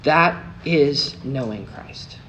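A man preaching a sermon, telling a story with big swings between hushed and emphatic delivery. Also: mid-range voice, animated, extremely slow. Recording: noisy recording with clicks.

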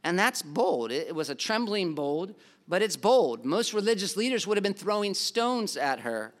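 A man's voice: high-pitched, pushed and bright, smooth. A man preaching a sermon as pastor, earnest and emphatic, acting out the people in the story.

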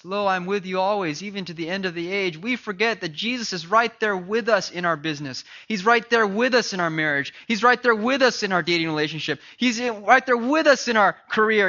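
A man preaching a sermon, swinging between loud declarations and hushed, pleading passages. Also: high voice, muffled recording. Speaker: pastor.

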